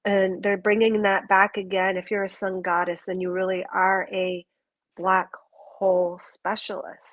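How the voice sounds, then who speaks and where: A woman's voice: mid-range voice, monotone, a little slow, no echo, dull audio. A woman giving a live intuitive reading to a viewer, earnest and gushing, rambling through restarts. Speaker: intuitive reader.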